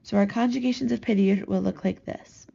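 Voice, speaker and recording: A woman teaching a recorded Spanish grammar lesson, slowly and carefully drawing out each verb form as she models it. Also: medium pitch, fairly even intonation, gravelly, dark tone, slightly rough. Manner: slow, careful, drawn-out modeling of conjugations. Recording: slightly dull lo-fi recording.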